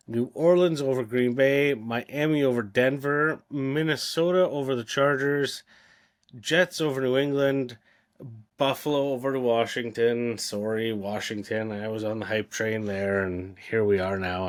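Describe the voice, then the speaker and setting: A man co-hosting a casual sports podcast, running through his game picks with wry asides. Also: mid-range voice. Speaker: podcast co-host. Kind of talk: casual chat, listing picks.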